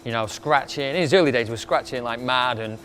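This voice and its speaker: A man's voice: medium pitch, fast, fairly bright tone, faint music behind. A middle-aged man, chatting casually through a countdown, rambling with fillers. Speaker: club night promoter.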